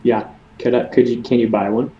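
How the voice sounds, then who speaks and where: A man playing a tabletop game, chatting with quick asides. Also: mid-range voice, little pitch movement, lo-fi sound. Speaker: player. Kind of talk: casual tabletop role-play.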